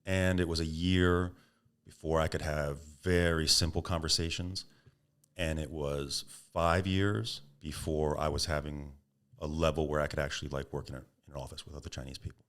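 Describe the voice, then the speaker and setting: Deep-voiced man telling animated stories. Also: moderate pace, clear, resonant tone. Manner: animated anecdotes, acts out quoted voices, laughs. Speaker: podcast guest, entrepreneur. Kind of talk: storytelling interview answers.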